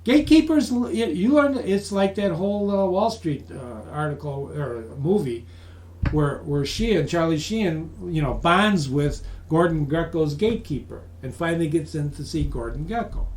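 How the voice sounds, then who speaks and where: A middle-aged man presenting a business course in a lively, conversational way, acting out phone calls. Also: a little high, moderate pace, poor audio. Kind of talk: lecture for professionals.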